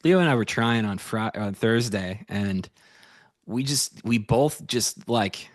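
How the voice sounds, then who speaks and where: A man's voice: on the low side, takes it slowly, dry recording, clean studio sound. A man co-hosting a live futures trading stream, chatting easily and laughing often. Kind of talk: casual live-stream banter.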